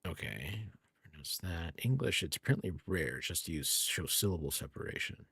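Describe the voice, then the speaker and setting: A man's voice: low-pitched, lively intonation, normal speed, vocal fry, sharp tone, breathy edge, dry recording. A man streaming a game, musing aloud in a rambling way and correcting himself as he goes. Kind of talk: casual gameplay streaming. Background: faint game music.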